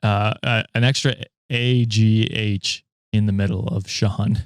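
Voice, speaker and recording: A man's voice: lowish voice, little pitch movement, measured pace, clear, resonant tone, no room sound, clean studio sound. A man co-hosting a casual live stream, laughing often as he reads chat messages and donations aloud. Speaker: podcast co-host reading donations.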